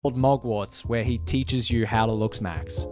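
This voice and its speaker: A man's voice: steady tone, normal speed, a little mellow. Male video-essay narrator, sarcastic and exasperated, faint background music. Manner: sarcastic, exasperated, swings between high and low. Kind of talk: scripted commentary narration.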